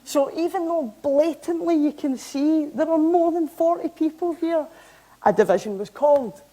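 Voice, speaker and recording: A young Scottish woman giving a public talk, recounting events in a lively, anecdotal way. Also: high-pitched, moderate pace, poor audio. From Scotland. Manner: lively anecdotal, animated when amused. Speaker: member of parliament giving a talk. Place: hall, talk to an audience.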